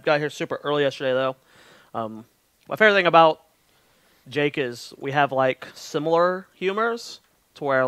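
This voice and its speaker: A man co-hosts a podcast, animated and teasing. His voice sits a little high and swings widely in pitch. The sound is dry and close. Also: clean tone, no room sound. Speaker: podcast co-host. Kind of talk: casual chat.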